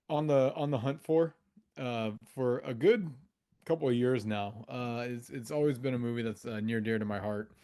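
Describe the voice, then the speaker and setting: A man's voice: medium pitch, warm tone, clean tone. A man co-hosting a casual movie podcast over a video call, explaining his pick in enthusiastic, meandering talk. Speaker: podcast co-host. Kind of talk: casual chat among friends.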